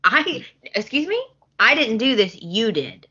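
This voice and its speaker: A woman's voice: on the high side, big pitch swings, a little slow, pushed and bright, slightly rough, lo-fi sound. A woman co-hosting a podcast, recapping a soap opera in casual chat and acting out the characters' lines with laughter. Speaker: podcast co-host.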